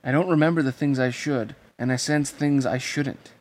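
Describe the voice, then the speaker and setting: A man reading the lines of a gentle, sad young woman, slow and weighty, in an amateur audiobook reading. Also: mid-range voice, natural voice. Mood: solemn.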